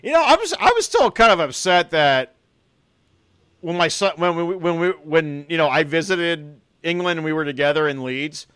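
A man's voice: on the high side, lively intonation, normal speed, a bit bright, clear, resonant tone, no echo. A man co-hosting a football podcast in casual chat, who restarts his sentences a lot, laughs often and teases his co-host. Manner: stammering restarts, laughs often, playful banter.

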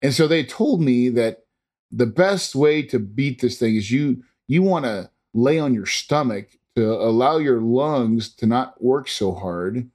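A man's voice: medium pitch, lively intonation, unhurried, a little mellow. Earnest man rambling through a story. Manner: earnest, rambling with many restarts and fillers; imitates monitor beeps. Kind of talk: personal story, casual telling.

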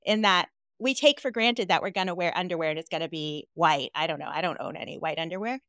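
A woman's voice: lowish voice, fast talker, a bit bright, no room sound, clean studio sound. Playful, emphatic woman guest. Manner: playful, laughs easily, emphatic. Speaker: interview guest, podcaster. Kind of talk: casual interview chat.

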